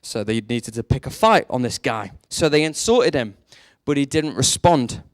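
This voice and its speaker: A man preaching a sermon, telling a story and leaning on rhetorical questions, his voice jumping up high for emphasis. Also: moderate pace, dry recording, studio quality. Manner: storytelling, animated, rises sharply for emphasis.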